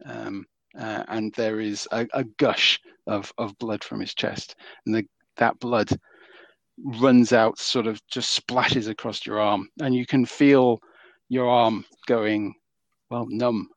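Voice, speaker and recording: A man narrating as game master in a tabletop role-playing game, pausing often with ums and restarts. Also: on the low side, fairly even intonation, no echo, lo-fi sound. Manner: halting, many ums and restarts.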